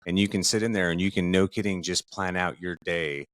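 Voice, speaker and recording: A man co-hosting a podcast, giving relaxed, informal advice in casual chat. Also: low voice, a little fast, no room sound. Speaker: podcast co-host.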